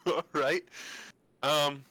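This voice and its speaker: Bright-voiced laid-back game master. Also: medium pitch, no echo. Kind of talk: narrating a tabletop game. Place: home streaming setup.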